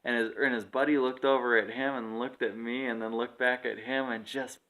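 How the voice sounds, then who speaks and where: A young man on a casual podcast, telling a workplace story with plenty of swearing and quick voices for the people in it. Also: mid-range voice, level tone, bright, forceful tone. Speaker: podcast co-host.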